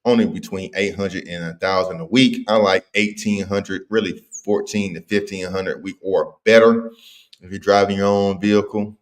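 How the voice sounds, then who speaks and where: A man's voice: low voice, fairly even intonation, moderate pace. A man hosting a casual livestream, talking in slang and reading viewer comments aloud. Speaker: livestream host.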